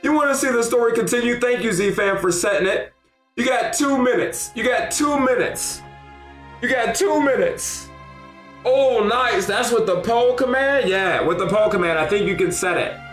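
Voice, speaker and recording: A man streaming a game live, excitable and often shouting and laughing as he talks to his chat. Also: very high-pitched, normal speed, roomy sound. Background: faint game music.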